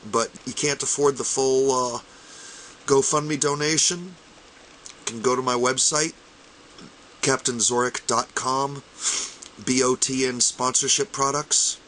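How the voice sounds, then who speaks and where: A man's voice: medium pitch, steady tone, unhurried, long pauses, a little hiss or hum, rough recording. A man giving an impassioned fundraising appeal to camera, urging listeners not to quit, choked up with emotion. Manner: fervent, repetitive exhortations, rising to near-shouting. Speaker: armored combat fighter making a fundraising appeal.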